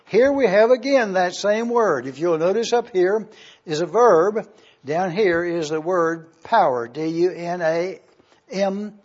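A man preaching an expository sermon, slowly explaining Greek words and spelling them out letter by letter. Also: high-pitched. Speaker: pastor teaching Bible Greek. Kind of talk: expository Bible teaching. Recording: dull lo-fi recording.

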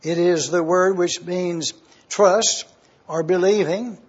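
A man teaching a Bible study, praying and then slowly spelling out Greek words letter by letter. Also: high-pitched, steady tone, breathy edge, highs cut off. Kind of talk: Bible study lecture with opening prayer.

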